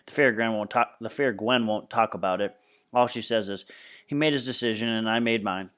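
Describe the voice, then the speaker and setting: A man's voice: lowish voice, brisk, a bit bright, smooth, lightly acted. Clever theatrical boy from a storybook, read by a man, mock-grand, dramatic. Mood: cool.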